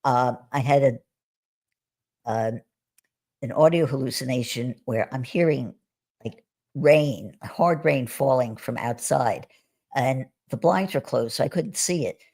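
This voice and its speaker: A woman guest on a video call, recounting her experiences in a relaxed conversational way, with frequent restarts and soft laughs. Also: very deep voice, measured pace, vocal fry. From United States. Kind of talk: conversational storytelling on a live stream.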